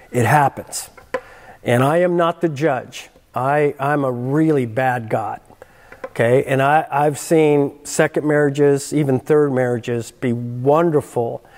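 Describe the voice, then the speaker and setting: Male pastor, slightly high voice, slow and deliberate delivery, emphatic sermon style, long hall reverb. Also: darkish tone. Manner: earnest, emphatic preaching with repeated phrases.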